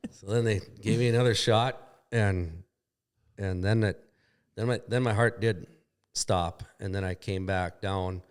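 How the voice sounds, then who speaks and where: A man's voice: low-pitched, smooth. A man telling a long crash story on a podcast, rambling and profane, acting out what people said. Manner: rambling, profane, acts out quoted dialogue. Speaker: podcast guest. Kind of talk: casual storytelling. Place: shop.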